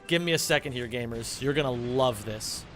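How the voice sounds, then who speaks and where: A man streaming casually, chatting to his viewers in an excitable, rambling way and swearing a lot. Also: mid-range voice, normal speed, faint music behind. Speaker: streamer and speedrunner. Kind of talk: casual live-stream chat.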